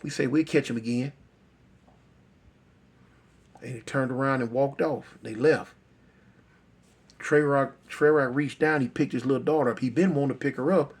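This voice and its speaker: Brief: male storyteller, gravelly husky voice, talks plain and repeats for effect. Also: medium pitch, a little mellow. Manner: repetitive, conversational, emphatic. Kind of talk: oral street storytelling.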